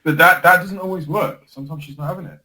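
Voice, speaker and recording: A man co-hosting a casual podcast, telling stories with animated laughter. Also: high-pitched, fast, rough recording. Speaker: podcast co-host. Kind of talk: casual chat.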